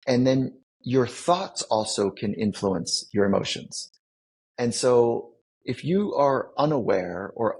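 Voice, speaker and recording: Guy psychologist on a podcast, husky gravelly voice, teacherly, lots of examples. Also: lowish voice, darkish tone, poor audio. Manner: teacherly, builds points with vivid examples. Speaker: psychologist guest. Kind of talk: explaining concepts in a podcast interview.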